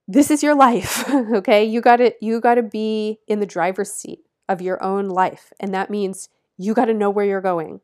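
A woman's voice: mid-range voice, steady tone, moderate pace, darkish tone. A woman astrologer giving an astrology forecast, earnest and encouraging, stressing her points with repeated instructions and laughing lightly between phrases.

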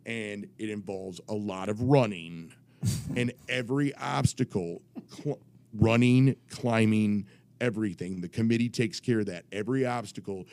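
A man co-hosting a podcast, telling a story in an animated, profane way with many restarts. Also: lowish voice. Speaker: podcast co-host. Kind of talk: casual storytelling.

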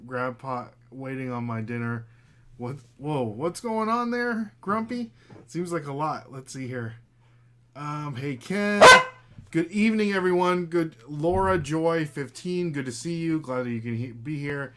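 A man's voice: medium pitch, background noise. A man hosting a casual reselling chat, rambling with fillers and talking to viewers. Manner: rambling, many fillers, chatty with viewers and dog. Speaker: reseller podcast host. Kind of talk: casual livestream chat with his wife.

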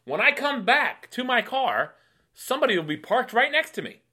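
A middle-aged man co-hosting a podcast, ranting animatedly in casual chat and getting loud with exasperation. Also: very high voice, very animated, normal speed, slightly rough. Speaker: podcast co-host.

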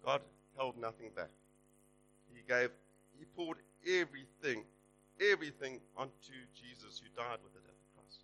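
A man preaching a sermon, exhorting his listeners and rising loud and high on the promises. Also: expressive, moderate pace, faint music behind, low-quality recording.

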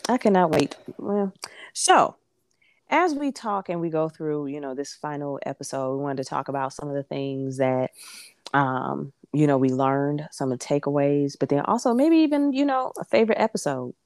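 A woman's voice: deep voice, expressive, normal speed, a little mellow, no room sound, clean studio sound. A woman co-hosting a podcast, chatting in a sassy, playful way with many hums of agreement. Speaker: podcast co-host. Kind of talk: casual chat.

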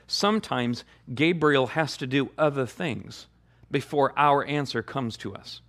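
A man's voice: mid-range voice, gravelly. A male pastor preaching a sermon, repeating key phrases for emphasis.

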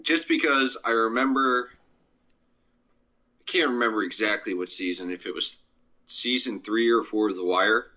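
A man's voice: on the low side, normal speed, pauses often, sharp tone. A man co-hosting a podcast, talking casually about films in a rambling way, with lots of fillers. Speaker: podcast co-host. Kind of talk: casual movie chat. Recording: dull lo-fi sound.

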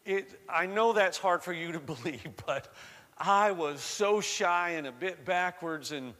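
A man's voice: high voice, animated, measured pace, bright, forceful tone, long reverb tail. A man from the American South with a slight Southern accent, preaching a sermon in a conversational storytelling way that rises to fervent emphasis. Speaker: pastor.

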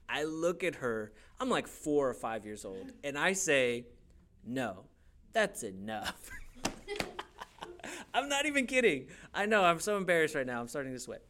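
A young adult man preaching a sermon, telling stories with playful put-on voices. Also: fairly high pitch. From grew up in a Hispanic church community. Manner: animated storytelling with playful voices. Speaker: pastor.

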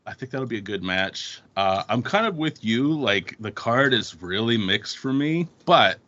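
A man chatting as a returning guest on a gaming podcast, joking and animated. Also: mid-range voice, a little slow. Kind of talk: casual podcast chat. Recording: dull lo-fi audio.

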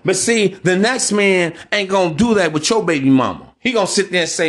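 Male podcast host, blunt, profane, preachy, somewhat high voice. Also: lively intonation, brisk, hardly any pauses. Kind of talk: casual monologue.

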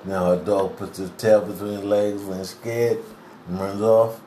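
A man with a lowish voice preaches a devotional sermon, taking his time over every phrase. He speaks earnestly and deliberately and clears his throat now and then. The recording sounds roomy, with a faint hiss behind him. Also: little pitch movement, dark tone.

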